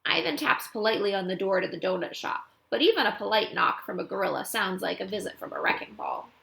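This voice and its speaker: A woman reads a children's novel aloud with an animated, expressive delivery. Her voice is bright with a creaky edge. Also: medium pitch, fast. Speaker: audiobook reader.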